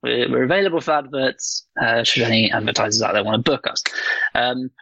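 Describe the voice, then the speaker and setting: Male podcast co-host, gravelly, rambling, swears freely, lots of ums. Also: medium pitch, brisk, pushed and bright, no room sound, poor audio. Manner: rambling, swears casually, frequent ums and laughs. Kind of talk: casual chat.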